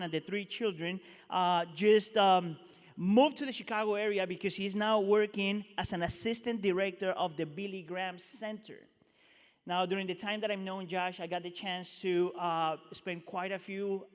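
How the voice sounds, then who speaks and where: High-voiced pastor introducing a guest. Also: male voice. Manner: casual, friendly, many fillers. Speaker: teaching pastor. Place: church sanctuary. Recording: reverberant church hall.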